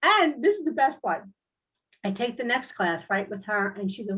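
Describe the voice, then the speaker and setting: Animated woman telling a story with a higher voice. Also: normal speed, husky, rough recording. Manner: animated and comic, with big swings in pitch when telling a story. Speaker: guest, animal rescuer. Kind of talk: casual storytelling on a talk show.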